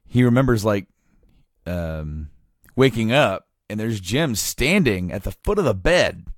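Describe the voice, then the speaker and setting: A man with a low voice tells a long anecdote on a podcast, acting out each quote as he goes. His talk is loose, with plenty of fillers. The sound is dry and close, with no room around it. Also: no echo. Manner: animated storyteller, acts out quotes with many fillers. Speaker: podcast co-host. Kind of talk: casual storytelling chat.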